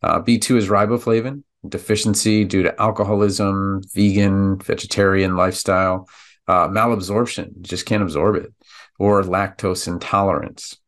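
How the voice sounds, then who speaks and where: A man hosting a pharmacology podcast, explaining slides in a relaxed, chatty way with many fillers. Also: low-pitched, moderate pace. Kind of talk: narrated slide lesson.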